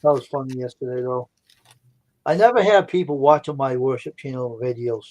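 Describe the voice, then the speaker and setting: A man who preaches on his own worship channel, chatting casually on a live stream in a relaxed, rambling way. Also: mid-range voice, brisk, rough recording. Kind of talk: casual chat.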